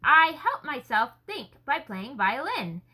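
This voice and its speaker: A woman voicing an eager gentleman scholar. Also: sits high, big pitch swings, slow, heavily acted, poor audio. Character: earnest gentleman scholar, warm and enthusiastic.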